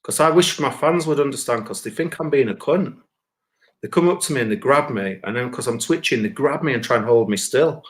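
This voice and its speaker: A man's voice: mid-range voice, a little fast. A man, a musician and comedian, talking bluntly and with a lot of swearing on a live stream, acting out the voices in his stories. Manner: blunt, sweary, animated storytelling with acted-out voices. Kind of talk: casual chat on a live stream.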